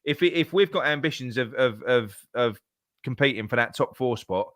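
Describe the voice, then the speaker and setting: A man's voice: medium pitch, expressive, moderate pace, fairly bright tone, dry recording. Man, podcast co-host, heated fan chat, lots of swearing and restarts, dry mic. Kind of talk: casual football chat.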